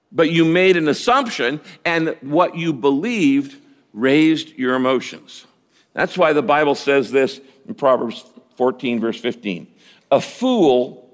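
A middle-aged man preaches from the pulpit in a warm, conversational style, teasing his listeners and lifting his voice up high when he drives a point home. His voice sits a little high and swings widely in pitch. The sound carries the long reverb of a large church hall. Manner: conversational preaching, rising with emphasis, teasing the congregation. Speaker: pastor. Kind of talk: sermon.

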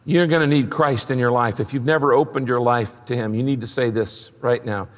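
A man preaching a sermon as pastor, telling stories with energy and leading a quiet prayer. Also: brisk, few pauses, long reverb tail. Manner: animated storytelling, drops low and soft in prayer.

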